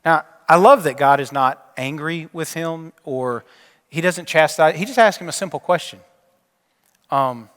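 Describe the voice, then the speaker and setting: A male pastor preaching a sermon and telling a story, his delivery dropping from emphatic to hushed. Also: fairly high pitch, measured pace. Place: church sanctuary. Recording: long church reverb.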